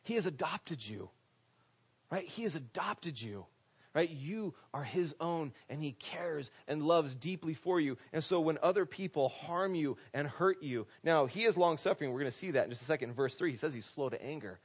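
A male pastor preaching an animated, conversational sermon that is full of rhetorical questions to the congregation. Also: fairly high pitch, moderate pace, breathy edge. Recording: dull lo-fi recording.

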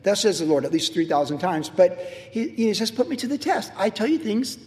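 A man's voice: high-pitched, very animated, brisk, a little mellow, in a large hall. A middle-aged man preaching a sermon as pastor, emphatic and repetitive as he drives home his points.

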